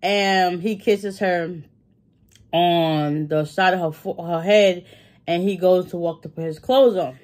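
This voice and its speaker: A woman's voice: fairly low pitch, fairly even intonation, takes it slowly, darkish tone. A woman vlogger casually recapping a TV episode, acting out the characters' lines with laughs and fillers.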